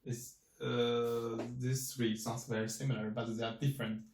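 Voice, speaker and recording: A man whose first language is Chinese, teaching a language lesson slowly and repeating each sound many times. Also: mid-range voice, little pitch movement, a little mellow. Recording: echoey room, mic at a distance.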